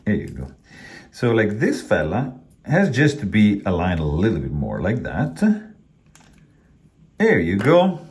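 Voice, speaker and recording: A man's voice: lowish voice, huge pitch swings, a little slow, pauses often, darkish tone. A man casually reviewing a pocketknife, rambling with many fillers and restarts while handling the knife as he talks.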